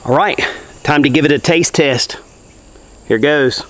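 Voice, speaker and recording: A man's voice: fairly high pitch, a little slow. Upbeat man cooking in the woods. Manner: folksy, upbeat, speaks straight to viewers. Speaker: outdoor cooking show host. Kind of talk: enthusiastic cooking vlog. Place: outdoors in the woods at a campfire.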